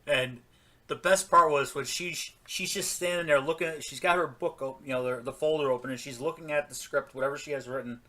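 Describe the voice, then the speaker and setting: Casting note: male podcast co-host, bright tense voice, slightly high, chatty storyteller. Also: steady tone, fairly quick. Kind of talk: casual wrestling podcast chat.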